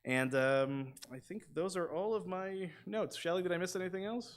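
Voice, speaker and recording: A man's voice: high-pitched, moderate pace. A congested man chatting through announcements as leader of a synagogue service, with loose trailing asides. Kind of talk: congregation announcements. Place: synagogue sanctuary.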